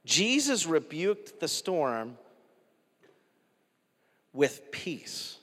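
A man preaching a sermon in an animated, conversational way, often laughing between points. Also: a little high, extremely slow. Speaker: pastor. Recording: echoey hall with long reverb.

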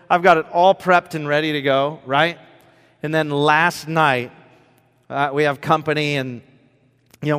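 Man preaching a sermon in a reverberant hall. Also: a little high. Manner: animated storytelling, swinging from loud to hushed. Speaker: pastor.

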